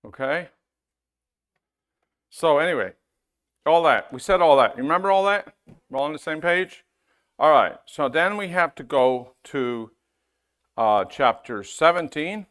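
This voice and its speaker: A man's voice: on the high side, animated, fairly bright tone. Conversational male Bible teacher. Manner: conversational, checks in with listeners often; reads scripture aloud slowly. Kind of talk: casual Bible-school teaching.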